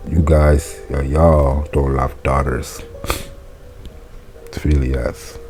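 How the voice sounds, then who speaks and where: A man's voice: very deep voice, warm tone. A man reading a Latin textbook aloud and translating it as he goes, thinking aloud, correcting himself and chuckling at his slips.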